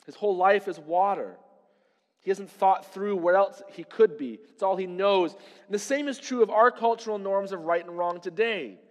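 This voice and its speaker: A high-pitched male voice preaches a sermon in a long, ringing reverb. He talks to the congregation in a conversational way and keeps asking them rhetorical questions. The room sounds like a large church sanctuary. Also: moderate pace. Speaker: pastor.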